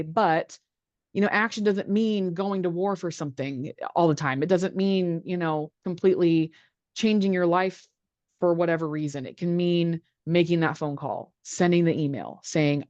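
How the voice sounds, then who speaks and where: A woman's voice: on the low side, a little mellow, dry recording, dull audio. A woman working as a patient navigator, speaking on a video call in a reassuring way. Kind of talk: earnest advice.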